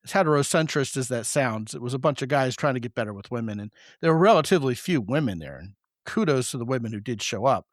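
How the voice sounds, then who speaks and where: A man's voice: mid-range voice, fast talker, dry recording. Guy hosting a podcast, jokey storyteller, dry close mic. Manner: storytelling, animated and joking. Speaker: podcast host. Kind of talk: casual podcast conversation.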